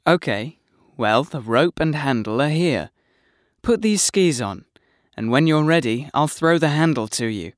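A man reading the lines of an ordinary adult man in scripted exam dialogues, with clear, careful delivery. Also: fairly high pitch, lively intonation, unhurried, dry recording, clean studio sound. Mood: plain. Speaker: dialogue actor in a listening exam.

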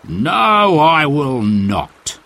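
A man reading a storybook aloud, voicing a tall, broad, stubborn stranger who speaks slowly, firmly and defiantly. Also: a little high, sing-song, gravelly, bright, forceful tone, voice pushed up, heavily acted. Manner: slow, firm and defiant.

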